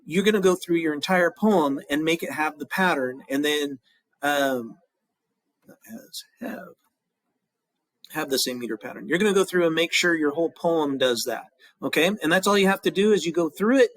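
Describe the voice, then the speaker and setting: A man's voice: fairly high pitch, normal speed, a bit bright, no room sound, rough recording. A male teacher giving a recorded classroom tutorial, talking casually and methodically as he counts syllables aloud step by step. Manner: casual, fills with um and restarts.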